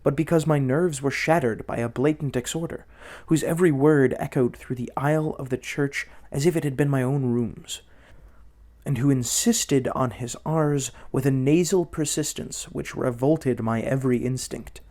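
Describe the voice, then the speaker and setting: A man narrating a classic horror story in the first person, with measured, dramatic pacing. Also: mid-range voice, darkish tone. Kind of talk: audiobook narration.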